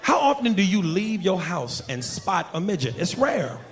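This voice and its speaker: A man's voice: high voice, sing-song, normal speed. A man doing a brash, profane stand-up set on a comedy stage before a live audience. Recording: live club mic, crowd laughter.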